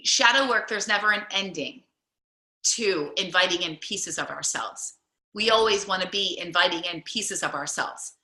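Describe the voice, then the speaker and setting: Bright-voiced woman coaching on a group call. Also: on the low side, moderate pace. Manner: chatty, encouraging, many fillers. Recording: roomy echo.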